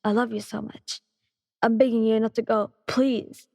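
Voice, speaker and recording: A woman voicing a hot-tempered young man begging his girlfriend to stay, in a breathy, shaky ASMR storytelling voice. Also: a little high, little pitch movement, normal speed, no echo, clean studio sound, in a large hall. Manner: pleading, shaky and soft.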